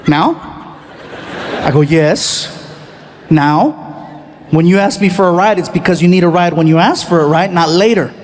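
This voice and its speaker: A middle-aged man performing a stand-up comedy routine, telling animated stories and acting out the voices of his family. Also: high voice, normal speed. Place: comedy stage with a live audience.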